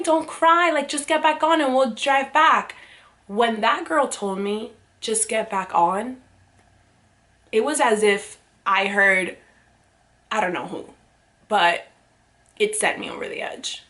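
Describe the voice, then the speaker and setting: Young woman vlogger, bright crisp voice, animated emotional storytelling. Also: mid-range voice.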